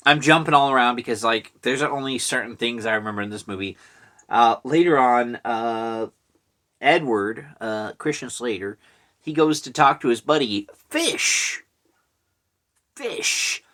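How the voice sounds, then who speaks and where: A man recapping a bad horror movie for his channel in a loose, rambling way, dotted with fillers and quick asides. His voice is bright and sits at an ordinary pitch, and he chuckles at his own jokes. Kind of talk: casual movie recap vlog.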